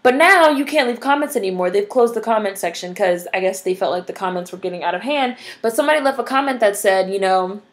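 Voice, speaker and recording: A woman's voice: medium pitch, fast talker, hardly any pauses. A young adult woman vlogging, ranting bluntly and profanely, full of "like" and "you know". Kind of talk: casual ranting commentary to camera.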